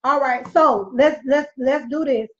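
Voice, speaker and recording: A woman's voice: high voice, measured pace. Emphatic woman in a muffled lo-fi recording. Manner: emphatic, preachy, reads viewer comments aloud. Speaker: live show host. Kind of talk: candid storytelling monologue to viewers.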